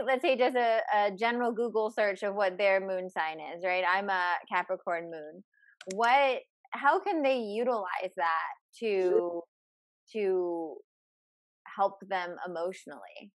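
A young woman hosting an interview, eager and quick, laughing easily with frequent fillers. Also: medium pitch, dry recording. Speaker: podcast host. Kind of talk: casual interview chat.

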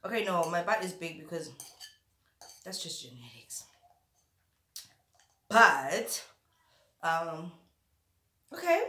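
A woman's voice: lowish voice, lively intonation, slow pace, long pauses, pushed and bright, roomy sound. A woman chatting theatrically while eating spicy food, sometimes talking with her mouth full. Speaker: YouTuber. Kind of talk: casual eating vlog chat.

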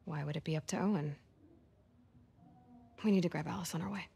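A woman's voice: on the low side, a little fast, vocal fry, mellow, husky, exaggerated voice. An actress voicing a stubborn young woman soldier medic, speaking in curt, clipped lines.

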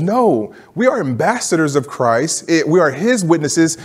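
A man's voice: on the high side, big pitch swings, a little slow, hardly any pauses, husky. Casual, searching man preaching a sermon. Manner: conversational, repeats words, lots of "like" and "you get what I'm saying". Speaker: pastor. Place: church sanctuary. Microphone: live-streamed service mic.

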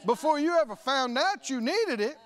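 A pastor, male and notably high-voiced, preaches at a moderate pace with pitch that swoops up and down with lively expression. He stresses his words, repeats phrases for weight, and leans on scripture quotes.

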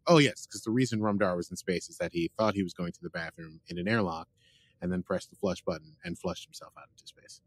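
A man's voice: fairly low pitch, a little fast, no echo. A man hosting a podcast, retelling a TV episode in a chatty, rambling way with lots of fillers. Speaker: podcast host. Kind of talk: casual episode recap.

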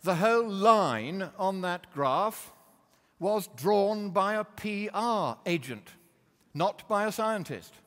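A man giving a combative, mocking lecture with slides in a large hall. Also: sits high. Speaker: public speaker.

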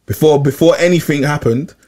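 A young man, telling a long personal story in casual chat, animated and repeating himself, full of slang. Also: fairly high pitch, a little fast. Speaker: podcast regular.

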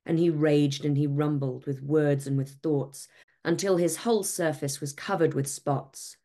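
A woman reads a rhyming picture book aloud as a storyteller. Her voice is low and mellow, and she takes an unhurried pace, giving each couplet a measured, expressive rhythm.

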